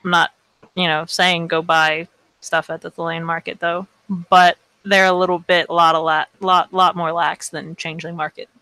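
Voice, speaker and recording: A woman chatting casually and playfully while playing a tabletop role-playing game, rambling and excitable. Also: fairly low pitch, normal speed, low-quality recording. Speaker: player in a tabletop role-play. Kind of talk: casual in-character role-play chat.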